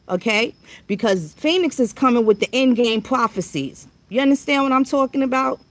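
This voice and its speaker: A woman vlogger delivering a blunt, profane rant straight to the camera, with drawn-out phrases and many rhetorical questions. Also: fairly high pitch. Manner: blunt, confrontational, profane street talk.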